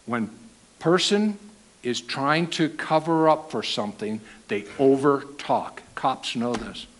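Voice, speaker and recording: A man preaching a sermon, animated and acting out the quoted lines. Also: mid-range voice, takes it slowly, low-quality recording.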